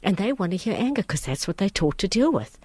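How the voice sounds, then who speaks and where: A woman's voice: mid-range voice, sing-song, fast, darkish tone, breathy edge, no echo. A woman hosting an advice talk, speaking earnestly and emphatically, repeating phrases for effect. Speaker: host giving life advice and readings.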